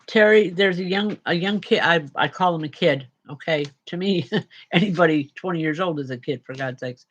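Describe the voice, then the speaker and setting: A tired woman medium giving live spirit readings to viewers, chatty and unhurried with frequent restarts. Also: on the low side, muffled recording.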